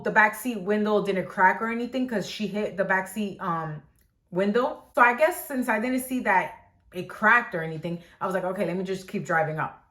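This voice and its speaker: A woman vlogger telling a story in a casual, animated way, filling it with "like" and acting out quotes. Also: mid-range voice. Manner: animated, lots of "like", acts out quotes. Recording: echoey room.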